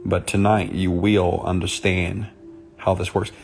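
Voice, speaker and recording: A man speaking softly and intimately on a live stream, greeting viewers by name as a motivational speaker. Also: sits low, little pitch movement, a little slow, creaky, soft background music. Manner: soft, intimate on purpose; chatty, greets commenters by name.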